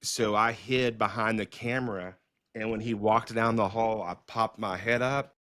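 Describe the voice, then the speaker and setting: A middle-aged man, a filmmaker hosting a podcast, telling stories in a casual, animated way with many fillers and restarts. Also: lowish voice, normal speed, no room sound, studio quality. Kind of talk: casual storytelling conversation.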